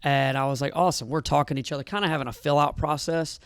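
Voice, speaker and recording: A man who coaches at a gym, telling a story in casual podcast chat, animated, swearing and saying "dude" a lot. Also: on the high side, fast, creaky, clear, resonant tone, dry recording, studio quality.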